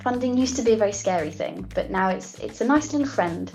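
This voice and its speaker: A woman's voice: medium pitch, expressive, fast talker, vocal fry, darkish tone, soft background music. A young woman, a drama student, chatting as a guest in a casual interview, upbeat and giggly. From Coventry, England. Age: young adult. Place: online call.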